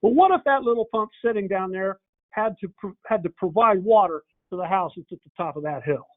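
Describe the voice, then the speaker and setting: A man's voice: sits high, brisk. A man giving a folksy training talk, telling stories and acting out conversations. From northern Indiana, USA. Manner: folksy storyteller, acts out dialogue. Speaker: pump company trainer. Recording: tinny phone-like audio.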